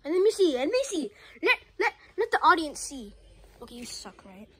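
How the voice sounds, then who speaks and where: Female vlogger, very high bouncy voice, teasing and playful. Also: sing-song, moderate pace, bright, forceful tone. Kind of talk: casual prank vlog chat.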